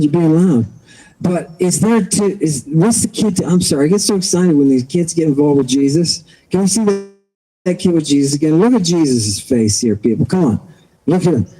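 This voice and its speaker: A man hosting an animated livestream lecture, excitable and exclamatory, with frequent joking asides. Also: a little high, slightly rough, poor audio. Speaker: livestream host.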